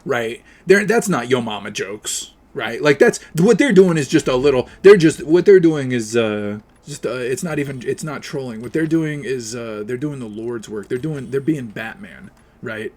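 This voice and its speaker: A man's voice: medium pitch, normal speed. A man, streaming a game and ranting sarcastically with a lot of swearing. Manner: sarcastic, profane, animated. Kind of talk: casual ranting while playing a game.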